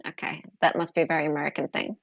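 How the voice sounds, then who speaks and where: Gravelly Australian woman streaming. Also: deep voice, flat delivery, very fast, no echo, muffled recording. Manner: blunt, bantering. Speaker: livestream host. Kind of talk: casual live-stream chat.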